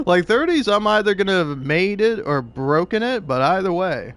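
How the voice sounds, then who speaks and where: A man's voice: high-pitched, big pitch swings, moderate pace, a bit bright. Rambling young gaming streamer guy. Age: 20s. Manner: rambling, stammering, laughs often. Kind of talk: casual chat while playing.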